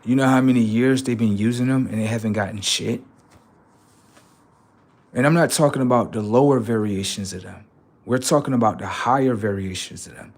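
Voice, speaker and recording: A man's voice: mid-range voice, moderate pace. A man hosting a livestream, delivering a heated, profane and confrontational political rant that taunts his listeners. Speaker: livestream host.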